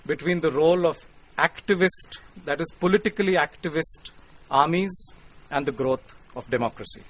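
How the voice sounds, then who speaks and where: A man with an Indian English accent giving a formal, courteous public lecture to an audience, measured and lightly humorous. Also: fairly high pitch, rough recording. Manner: courteous, measured, with cricket quips. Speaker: invited lecturer. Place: lecture hall.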